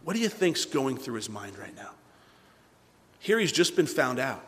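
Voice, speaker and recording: A male pastor preaching a sermon, animated, swinging between loud bursts and hushed asides. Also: medium pitch, moderate pace, in a large hall.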